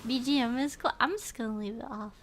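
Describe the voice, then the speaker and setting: A woman's voice: on the high side, fast, a bit bright, a little hiss or hum. A young woman streamer chatting casually with her viewers, giggly and nervous, repeating her greetings. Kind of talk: casual livestream chat.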